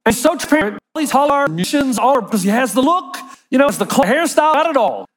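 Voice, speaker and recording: Male pastor, high voice, animated sermon delivery, acts out quotes, reverberant church hall. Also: fast.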